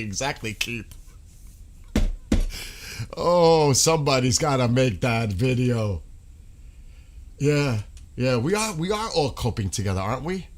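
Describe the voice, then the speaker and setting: A man's voice: mid-range voice, very animated, slow, long pauses. A man hosting a live stream, chatting casually with viewers, laughing often and breaking into bits of song. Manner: laughing, rambling, breaks into sung snippets. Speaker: livestream host.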